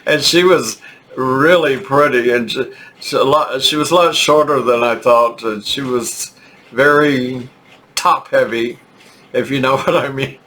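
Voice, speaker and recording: An older man from Texas with a Texan accent, telling a rambling, halting story with chuckles in a casual vlog. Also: medium pitch, pushed and bright, a little hiss or hum. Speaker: vlogger.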